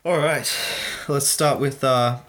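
A man co-hosting a casual joking book chat, reading passages and talking with many restarts and fillers. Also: medium pitch. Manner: halting, many restarts and fillers, reads in a flat slow tone. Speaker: podcast co-host reading a book aloud.

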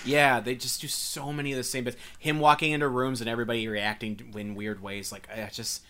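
A man talking through a film with friends on a podcast. He sounds critical but easygoing. His pitch sits in the middle range for a man. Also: little pitch movement, fairly quick, bright, forceful tone, slight background noise. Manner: critical, laughs often. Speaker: podcast co-host. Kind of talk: casual movie review chat.

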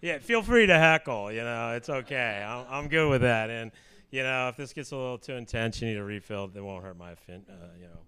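A man's voice: medium pitch, brisk, pushed and bright. A man in his fifties from Kansas City, speaking as a guest at a church gathering in a chatty, joking way, with lots of ums and asides into a mic. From Kansas City, USA. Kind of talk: casual church talk to a live audience. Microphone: handheld or stand mic at a live talk.

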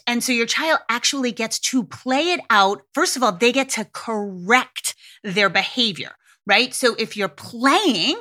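Woman podcast host, casual and profane, bright and a touch high, acts out quotes. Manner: frank, profane, animated acted-out quotes. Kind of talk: casual solo podcast talk.

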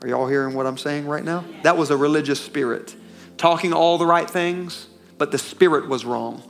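Emphatic male preacher, fairly high voice. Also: moderate pace, gravelly, faint music behind. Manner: emphatic, calls for congregation response, folksy asides. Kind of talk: sermon.

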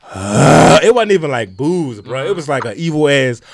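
A man tells a story in quick bursts, his pitch swinging up and down as he acts out the people in it. He is a comedian chatting casually on a podcast. His delivery is loose, profane and animated. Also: a crowd in the background. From Baltimore. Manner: animated, profane, fast storytelling with acted quotes. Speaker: comedian guest.

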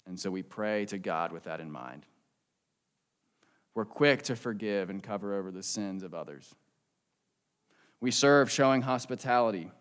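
A male pastor delivering a sermon in a church, with a lowish voice. His tone is smooth and resonant, and his delivery is earnest and conversational. He closes the sermon with a quiet prayer.

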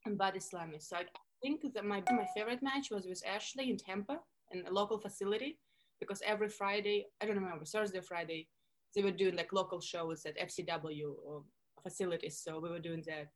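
A woman from Russia with a Russian accent, chatting as a podcast guest and telling lively stories, often acting out what people said. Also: mid-range voice, fast, low-quality recording. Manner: animated storytelling, acting out quoted lines, many likes. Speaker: podcast guest, former wrestler. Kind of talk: casual interview chat.

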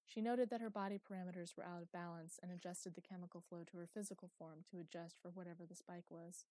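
A woman narrating an audiobook in a steady, even storytelling manner. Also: on the low side, fast, no room sound.

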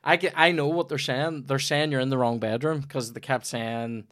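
A man's voice: medium pitch, normal speed, no room sound. Northern Irish man, podcast host, profane storytelling, dry close sound. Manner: sweary, animated anecdote telling. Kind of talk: casual comedy podcast chat.

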